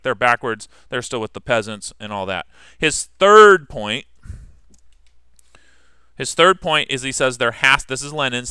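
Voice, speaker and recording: A man's voice: medium pitch, pushed and bright, clear, resonant tone, no room sound, clean studio sound. A man teaching a history class in a casual lecture, asking the students questions as he explains.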